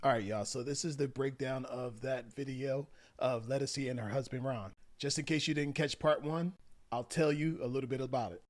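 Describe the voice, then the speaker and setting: A man's voice: mid-range voice, a little fast. A man giving relationship advice to viewers, retelling a story animatedly and acting out the quotes. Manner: animated, acts out quotes, addresses viewers as y'all. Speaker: relationship coach. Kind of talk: commentary vlog.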